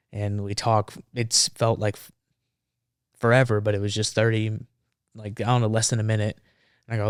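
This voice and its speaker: Smooth-voiced man telling a war story. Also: fairly low pitch, moderate pace, long pauses, dry recording, clean studio sound. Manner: animated, acts out the dialogue. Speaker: former Marine, podcast guest. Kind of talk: casual storytelling.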